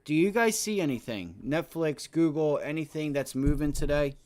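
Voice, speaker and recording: A man's voice: a little high, lively intonation, normal speed, a little mellow. A man in his thirties hosting a live day-trading stream, talking to himself and his viewers about the chart, swearing now and then. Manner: talks to himself and the chart, swears, frustrated at times. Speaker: day trading livestream host. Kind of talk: casual live trading commentary.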